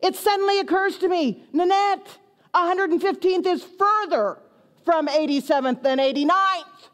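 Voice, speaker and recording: A middle-aged woman pastor, telling a lively, self-mocking story as part of a sermon. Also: very high voice, normal speed. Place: church sanctuary. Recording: long hall reverb.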